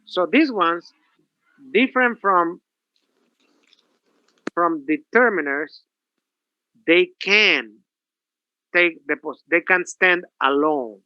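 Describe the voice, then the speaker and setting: A man's voice: high-pitched, slow pace, pauses often, clean tone, no room sound, muffled recording. A male professor giving a classroom grammar lecture, asking rhetorical questions and repeating himself. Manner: lively, repetitive, rhetorical questions.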